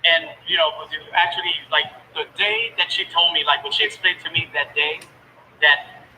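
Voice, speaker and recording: A man, a father, tells an emotional personal story in a halting way, with many fillers and restarts. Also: fairly high pitch, bright, forceful tone, long reverb tail, slight background noise, rough recording.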